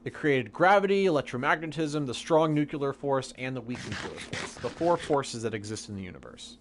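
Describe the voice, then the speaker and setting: A man's voice: medium pitch, expressive, fairly quick, a little hiss or hum. A young man live-streaming a game, casually and patiently explaining science questions from chat.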